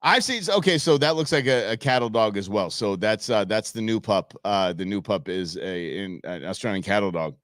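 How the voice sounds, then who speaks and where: Brief: a male live-show host, animated and joking, with a lively voice recorded dry and close. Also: on the low side, moderate pace, few pauses, no echo. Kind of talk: live show commentary on videos.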